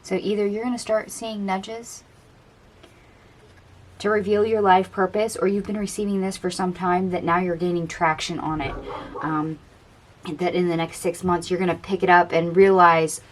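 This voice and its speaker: A woman giving a casual tarot card reading, chatty and dreamy, musing aloud over the cards in a gentle, encouraging way. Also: on the low side, steady tone, moderate pace. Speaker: tarot reader.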